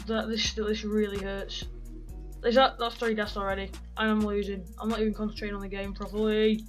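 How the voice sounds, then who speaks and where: A teenage boy giving excitable gaming commentary, yelping and swearing freely as he plays. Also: sits high, brisk, faint music behind. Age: teens. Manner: excitable, loud, swears a lot, yelps in pain. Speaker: gaming YouTuber.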